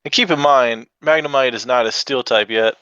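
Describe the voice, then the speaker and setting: A man guests on a casual podcast and recaps scenes in a laid-back, rambling way. His voice is smooth and mid-pitched. It comes through a dull, lo-fi microphone in a dry space. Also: normal speed, sharp tone, dry recording. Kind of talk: casual chat.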